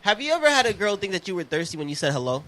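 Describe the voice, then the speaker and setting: A man co-hosting a podcast, telling animated, profane stories in casual chat. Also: high voice, very fast. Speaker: podcast co-host.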